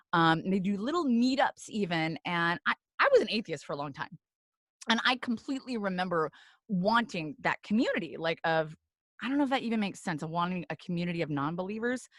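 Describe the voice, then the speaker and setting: Lively-voiced woman podcast co-host. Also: medium pitch, dry recording, clean studio sound. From grew up in a small town. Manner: chatty, laughs often, playful asides. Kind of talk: casual chat. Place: San Francisco.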